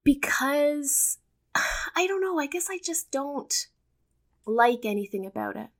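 A woman's voice: sits high, very animated, slow. A woman co-hosting a podcast, talking casually with dry, sardonic humor. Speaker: podcast co-host.

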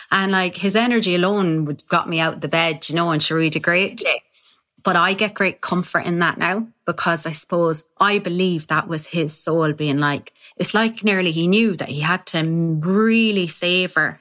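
A woman's voice: fairly low pitch, steady tone, normal speed, fairly bright tone. A young Irish woman talking candidly about her own life in an interview, chatty and acting out what people said to her. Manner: candid, chatty, acts out quoted speech. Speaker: podcast host telling her own story. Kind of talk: personal storytelling in an interview.

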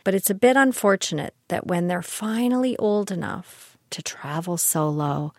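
Chatty older woman, low voice. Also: moderate pace, dry recording, studio quality. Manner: chatty, candid, reflective. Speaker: podcast host. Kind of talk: personal storytelling monologue.

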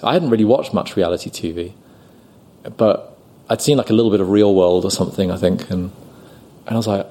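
A British man telling a story on a podcast, animated and often laughing as he acts out the people he quotes. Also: low voice, brisk, pauses often. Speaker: podcast guest, actor. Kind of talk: casual anecdote telling.

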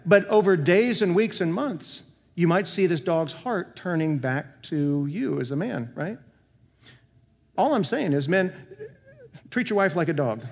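A male senior pastor preaching a sermon, asking the congregation questions and moving between emphatic and soft delivery. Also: sits high, lively intonation, a little slow, gravelly. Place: church sanctuary. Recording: long hall reverb.

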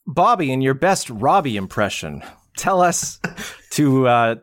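Wry, lively male podcast host. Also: mid-range voice, unhurried. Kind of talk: casual chat.

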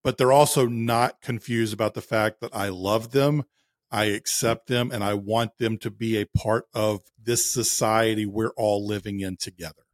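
A man's voice: fairly low pitch, steady tone, normal speed, no echo, clean studio sound. A man co-hosting a podcast, speaking in a thoughtful, conversational way. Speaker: podcast co-host. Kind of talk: casual chat.

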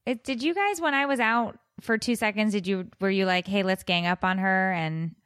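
A woman in her thirties or forties co-hosting a podcast, talking casually with joking, exasperated, animated storytelling. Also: medium pitch, normal speed, clear, resonant tone, no room sound, clean studio sound. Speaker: podcast co-host. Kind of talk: casual chat.

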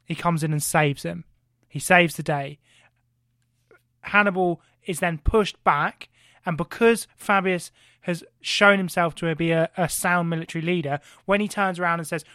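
An excitable man spinning a comic history tale on a podcast. He swears freely and keeps firing rhetorical questions, in a slightly high voice recorded dry and close to the mic. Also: moderate pace, dry recording. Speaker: podcast co-host. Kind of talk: animated comic history storytelling.

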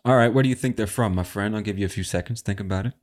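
A man's voice: fairly low pitch, rapid-fire, a little mellow. A man hosting a casual English-learning podcast in a laid-back, chatty way, swearing now and then. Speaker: podcast host, English teacher.

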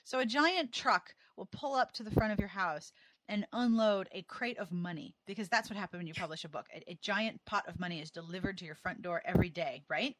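A woman's voice: mid-range voice, a little fast, a bit bright, slight background noise. A woman co-hosting a podcast, asking questions in a casual interview chat with a sarcastic, playful, teasing humor. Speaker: podcast co-host.

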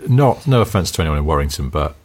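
Man, middle-aged, from North West England, podcast co-host, low voice, lively pitch, teasing casual chat. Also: fast talker. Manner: chatty, teasing, laughs often.

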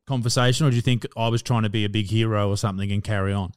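A man's voice: lowish voice, steady tone, rapid-fire, smooth. A man with an Australian accent hosting a podcast, teasing his guest with crude jokes. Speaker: podcast host. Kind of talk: casual podcast chat.

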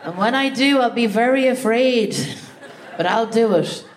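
A woman's voice: on the high side, unhurried, roomy sound. Woman chatting on stage at a live show, jokey and self-mocking, mid voice, noisy recording. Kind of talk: casual chat on a live stage. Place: theatre stage before a live audience.

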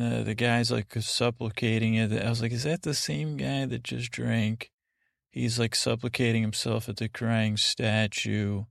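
A man with a gravelly, fry-heavy voice hosting a bedtime podcast, wandering off on tangents and cutting himself short. He talks close to the mic in a dry, quiet room with no echo. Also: medium pitch. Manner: meandering, self-interrupting, mock voices in asides. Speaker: podcast host. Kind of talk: rambling bedtime monologue.

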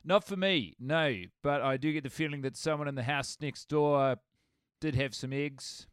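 A man's voice: on the high side, fairly even intonation, normal speed, clean tone, dry recording, natural voice. A man voicing a polite, prim rat who lives in a compost heap, speaking in long, courteous, dryly formal sentences. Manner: courteous, wordy, dry. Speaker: comedic guest character.

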